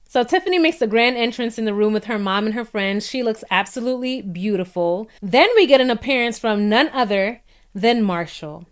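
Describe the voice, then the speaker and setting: A young woman recaps a reality show casually and a little fast, chatty and animated, laughing often and popping into higher-pitched voices for her reactions.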